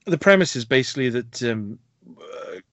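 A man's voice: mid-range voice, sing-song, a bit bright, no echo. Podcast co-host, British male, chatty and wry, dry dull lo-fi recording. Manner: chatty, quick asides, self-deprecating humour. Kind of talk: casual film review chat.

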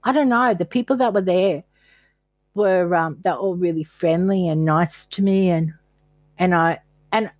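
A woman's voice: on the low side, unhurried, dry recording, soft background music. An older woman from Australia, a podcast guest telling her own story candidly and poking fun at herself as she acts out her past thoughts. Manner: candid, self-mocking, quotes her past self. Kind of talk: personal storytelling in a podcast interview.

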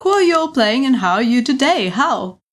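Woman game master, bright and playful, laughs easily while hosting a tabletop game. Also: high-pitched, very animated, moderate pace. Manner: giggly and playful.

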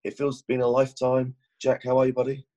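A British man co-hosting a casual podcast chat, talking quietly from a hotel room in the early hours. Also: mid-range voice, completely flat delivery, fast, dull audio. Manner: hushed, keeping quiet at 4am. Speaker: podcast co-host.

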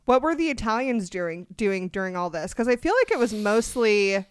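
A woman's voice: medium pitch, animated, normal speed, clean tone, no room sound, clean studio sound. A woman co-hosting a podcast in casual chat, teasing her co-host with playful banter.

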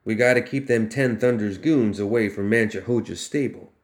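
A man voicing a scheming little sharp-toothed male gambler boss who snaps orders in folksy backwoods slang. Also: on the low side, moderate pace, lightly acted.

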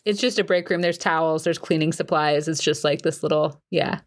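A woman's voice: deep voice, fairly quick. A woman running a tabletop game as game master, describing scenes in a rambling, filler-heavy way. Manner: rambling, filler-heavy, animated put-on voices. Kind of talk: casual tabletop role-play narration.

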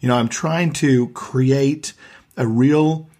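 A man's voice: medium pitch, takes it slowly, a little mellow. A middle-aged man hosting a casual conversation about sales, talking in a firm, storytelling way.

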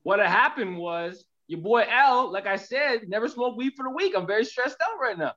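A man co-hosting a casual podcast over a video call, slangy and rambling, trailing off low at the ends of thoughts. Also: expressive, moderate pace, fairly bright tone, highs cut off. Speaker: podcast co-host. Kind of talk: casual chat.

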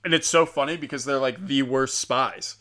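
A man's voice: mid-range voice, moderate pace, pushed and bright. A young man hosting a solo podcast, rambling casually with lots of fillers and swearing. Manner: casual, profane, many filler likes. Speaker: podcast host.

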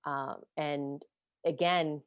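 A woman's voice: sits low, fairly even intonation, drawn-out words, dry recording, muffled recording. A woman host telling her own story candidly, blunt and self-deprecating, swearing freely. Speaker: podcast host being interviewed.

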